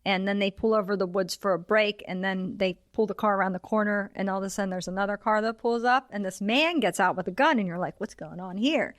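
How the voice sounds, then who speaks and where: A woman's voice: medium pitch, fast talker, hardly any pauses, dry recording, studio quality. A woman co-hosting a film podcast, chatting casually as she retells scenes and quotes the characters. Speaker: podcast co-host.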